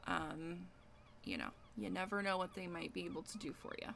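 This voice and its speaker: Woman game master, casual and rambling, very bright tone. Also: lowish voice, sing-song, moderate pace, vocal fry. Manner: casual, laughing, rambling asides. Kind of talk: narrating a tabletop game.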